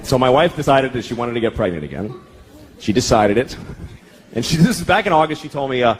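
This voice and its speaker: A man's voice: mid-range voice, sing-song, fairly quick. A man in his thirties doing a stand-up comedy routine, with profane, exasperated ranting and heavy swearing. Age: 30s. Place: comedy stage before a live audience. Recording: live audience laughter and room noise. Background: crowd laughing.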